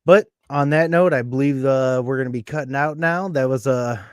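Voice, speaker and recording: A man's voice: medium pitch, moderate pace, clear, resonant tone, dry recording, clean studio sound. A man hosting a podcast, speaking bluntly with heavy swearing and frequent laughter. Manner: blunt, profane, laughs often. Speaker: podcast host. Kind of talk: casual podcast chat.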